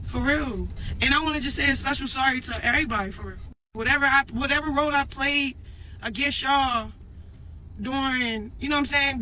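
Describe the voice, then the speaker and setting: With a bright, forceful voice on the high side, a woman records a casual, heartfelt message for her followers; the audio is low-quality with slight background noise. The speaker is a mother, earnest and rambling, who repeats fillers such as "for real" and "you know what I'm saying."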